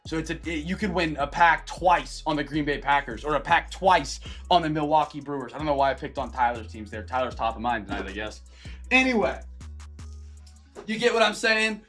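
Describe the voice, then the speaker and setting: A chatty young man hosts a live card-break stream and talks to viewers in an upbeat, friendly way. His voice sits a little high. Faint music plays behind him. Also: a bit bright. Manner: upbeat, chatty, greets viewers by name, drawn-out hype calls.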